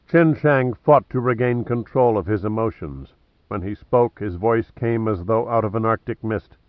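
A man narrating an audiobook in a measured, even way. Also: on the low side, dry recording, narrow, tinny audio. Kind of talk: scripted narration.

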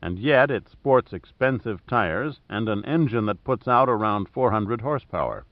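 A man doing a dryly witty adventurer, low-key. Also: expressive, dry recording. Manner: measured, understated, dry. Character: calm, dryly witty male adventurer leader. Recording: dry, slightly dull audio.

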